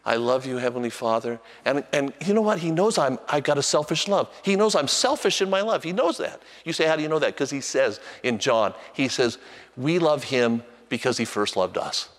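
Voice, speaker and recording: An older man preaching a sermon as a pastor, telling a story about his grandson and switching between soft, reverent passages and lively storytelling. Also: normal speed, long reverb tail. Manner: storytelling, animated, voice jumps high when acting out a child.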